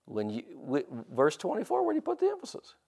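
A man's voice: a little high, wildly swooping pitch, fast, gravelly, a little mellow, breathy edge. A middle-aged man preaching a sermon, stretching out scripture quotes for emphasis and tossing casual asides to the congregation. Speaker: pastor.

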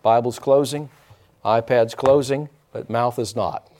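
A pastor delivering a sermon, preaching emphatically and breaking into dramatic shouts. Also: male voice, medium pitch, fairly even intonation, a little slow, a little hiss or hum.

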